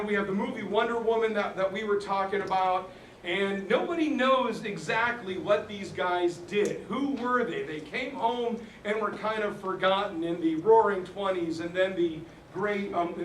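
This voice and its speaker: A man's voice: high voice, normal speed, fairly bright tone, slight background noise. A man telling a history story in earnest and acting out the words of soldiers he quotes. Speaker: speaker on history. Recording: roomy, distant mic, faint ambience.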